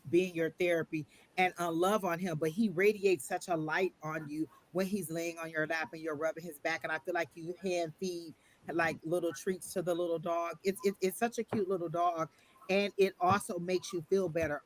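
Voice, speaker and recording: A man giving a live online psychic tarot reading, gentle and reassuring, who often repeats phrases. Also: fairly high pitch, little pitch movement, normal speed.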